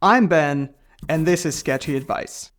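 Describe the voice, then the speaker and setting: A man with a voice on the high side hosts a personal finance video, speaking in an unhurried way. He delivers a scripted comedic explainer that's sarcastic and playful, with jokey asides.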